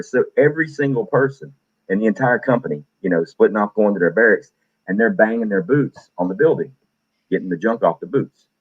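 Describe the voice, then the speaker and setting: Man, deep voice, husky, animated storyteller, dull lo-fi recording. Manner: animated, acts out quoted voices. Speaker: stream host. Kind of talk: casual storytelling.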